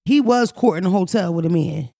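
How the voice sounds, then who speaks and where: Brash, profane Philly woman with a gravelly edge. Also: lowish voice, brisk, dry recording, studio quality. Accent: Philadelphia. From Philadelphia. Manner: brash, profane, animated storytelling. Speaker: podcast host. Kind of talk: casual comedic chat.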